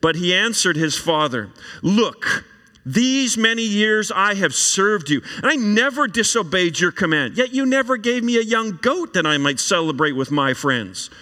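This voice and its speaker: A man preaching a sermon, reading scripture aloud and then explaining it in an animated way. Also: sits high, normal speed. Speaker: pastor. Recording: long reverb of a large hall.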